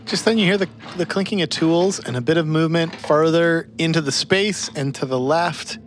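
A man narrating scenes as game master of a tabletop game, in steady, descriptive storytelling. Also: on the high side, moderate pace, a little hiss or hum.

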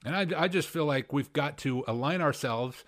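A male pastor hosting a radio Bible show, preaching in a conversational way and acting out the quotes with animated emphasis. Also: a little high, normal speed.

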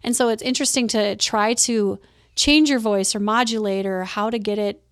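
A woman with a crisp, lighthearted voice, chatting casually as a guest about voice acting, with lots of fillers. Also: mid-range voice, steady tone, normal speed, no room sound, studio quality. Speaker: guest, voice actor. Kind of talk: casual chat.

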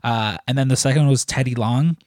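A man chats casually and rambles as he tells his stories, with lots of filler words. His voice sits in a middle pitch. It is recorded close and dry, with no room sound. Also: brisk, darkish tone, no room sound. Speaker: wrestling merchandise shop employee asking questions. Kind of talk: casual chat.

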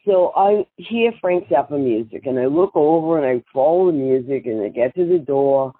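Older woman, brash storyteller, husky voice, tinny phone line. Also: low voice, moderate pace, dry recording. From Boston. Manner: brash, animated, laughs often. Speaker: guest, singer and author. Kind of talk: storytelling interview.

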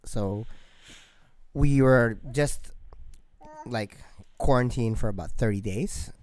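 A man co-hosting a podcast, talking casually and haltingly, with frequent ums. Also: mid-range voice, a little mellow. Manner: hesitant, lots of ums. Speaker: podcast co-host. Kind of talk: casual chat.

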